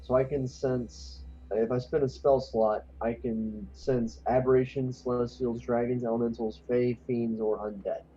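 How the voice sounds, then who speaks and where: Male player, casual crude banter, deep warm tone, dull recording. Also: steady tone, measured pace, few pauses. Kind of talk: casual tabletop game talk.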